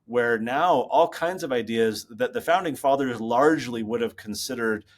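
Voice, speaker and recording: A man speaking as a guest over a laptop video call from his office, explaining ideas in an animated, storytelling way. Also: mid-range voice, normal speed. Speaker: guest author. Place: home office.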